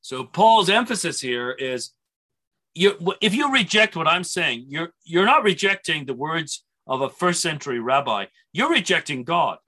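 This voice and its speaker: Bright-voiced man teaching a Bible seminar. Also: on the high side, expressive, a little slow. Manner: conversational, with frequent restarts and asides.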